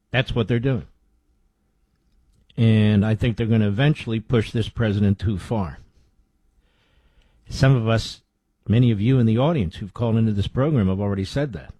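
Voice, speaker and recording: A middle-aged man holds forth on political talk radio, firing off rhetorical questions and sinking low for asides. His voice sits on the low side with a husky grain. The studio sound is close and dry. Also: dark tone, no room sound. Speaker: radio talk show host.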